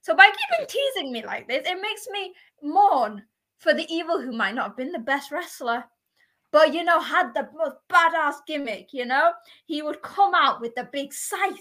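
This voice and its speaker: Woman podcast co-host, bright tone, animated pitch, chatty. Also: normal speed. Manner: lively, laughs often, chatty. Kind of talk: casual wrestling podcast chat.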